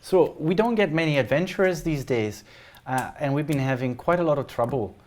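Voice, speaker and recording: A man's voice: a little high, expressive, brisk, darkish tone, close to an everyday voice. A man voicing a friendly, chatty halfling woman who leads her town, with a Scottish accent and a welcoming manner. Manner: chirpy, welcoming.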